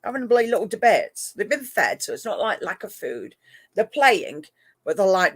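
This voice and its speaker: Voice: medium pitch, very animated, normal speed, slightly rough, dry recording. A middle-aged person from England with a mixed northern and southern English accent, chatting casually to viewers on a live stream and laughing often. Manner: chatty, laughs often, talks to pet cats. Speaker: live-stream host and moderator.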